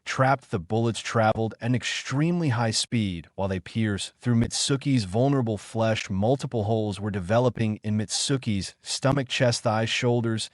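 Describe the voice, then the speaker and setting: Male narrator, low register, dry close sound, even scripted storytelling. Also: normal speed, hardly any pauses, dry recording.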